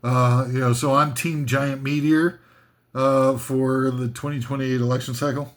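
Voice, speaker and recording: A man's voice: medium pitch, little pitch movement, measured pace. A man hosting a comic list video, rambling and self-mocking as he drifts off topic.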